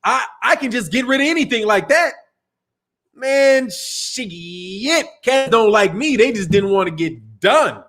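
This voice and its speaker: A man's voice: very high voice, animated, unhurried, a bit bright. A man hosting a boxing livestream, talking loosely and profanely, laughing often and reading out super chats. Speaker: boxing channel host. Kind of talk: casual livestream talk.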